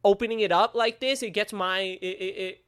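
A man's voice: high voice, steady tone, fairly quick, a bit bright, clear, resonant tone. A young man co-hosting a casual podcast, rambling with many fillers and swearing freely. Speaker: podcast co-host and writer. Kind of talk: casual chat.

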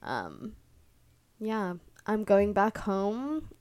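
A woman's voice: medium pitch, wildly swooping pitch, drawn-out words, darkish tone. A young woman from the Bay Area hosting a casual solo podcast, rambling with lots of fillers and laughing easily. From San Francisco Bay Area. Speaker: podcast host.

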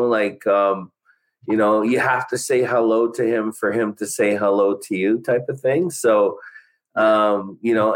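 A middle-aged man co-hosting a casual chat at an average pitch for a man. He talks in a relaxed, hesitant way, full of small pauses and fillers. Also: rough recording.

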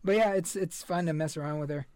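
A man's voice: fairly high pitch, fast talker, a little mellow, no room sound. A young man hosting a podcast, chatting casually in a rambling, laid-back way and swearing a lot. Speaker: podcast host. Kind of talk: casual chat.

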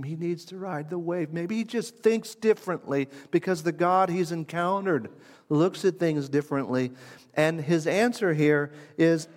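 A man preaching a sermon in a conversational, reflective way, moving from hushed asides to emphatic lines. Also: on the high side, big-room sound.

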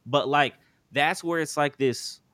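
A man's voice: on the high side, unhurried, fairly bright tone, dry recording. Rambling man co-host, dry sound. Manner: rambling, filler-heavy, searching for words. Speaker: podcast co-host. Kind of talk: casual chat.

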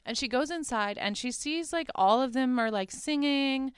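A woman's voice: high voice, moderate pace, smooth, dry recording, studio quality. Chatty young woman recapping a movie. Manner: chatty, lots of "like", laughs at her own asides. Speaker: podcast host.

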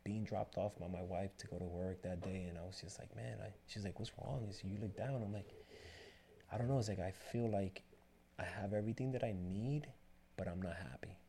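A man's voice: sits low, fairly quick, a little hiss or hum. A man being interviewed as a barbershop owner, casually retelling a personal story with lots of quoted back-and-forth. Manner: rambling, animated retelling with quoted dialogue.

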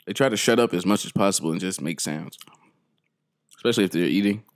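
A man's voice: sits low, quick pace. A man hosting a podcast in casual chat, joking around, rambling and laughing often. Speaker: podcast host.

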